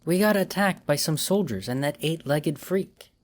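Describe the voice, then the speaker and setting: A crude, tough young woman talks in a hushed yet brash voice, as a male narrator puts her on. Her pitch sits clearly above his own. She blurts out her words in a quick, coarse rush. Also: expressive, natural voice.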